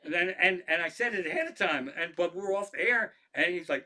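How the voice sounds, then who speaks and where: A man with a bright, edgy voice pitched a little high tells loose stories to his stream audience. He swears freely and keeps stumbling back into his sentences. It is casual comic storytelling. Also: normal speed. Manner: rambling, profane, frequent restarts. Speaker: stand-up comedian hosting a tribute stream.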